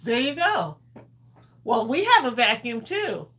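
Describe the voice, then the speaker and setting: Woman co-host, husky voice, chatty and laughing, live crafting chat. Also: on the high side, very animated, unhurried, a bit bright. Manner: chatty, laughs often, talks to viewers as y'all. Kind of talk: casual live-stream chat while crafting.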